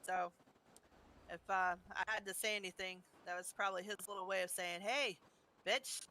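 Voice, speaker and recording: A woman's voice: fairly low pitch, flat delivery, fairly quick, sharp tone. A woman sharing a story at a memorial for a friend, laughing now and then as she talks. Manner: storytelling, laughs between lines. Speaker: roleplay community member.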